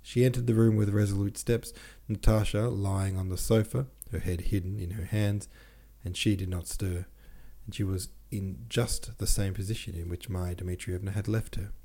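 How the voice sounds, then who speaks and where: Low husky male audiobook narrator. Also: steady tone, moderate pace, hardly any pauses, dark tone. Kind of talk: reading a classic novel aloud.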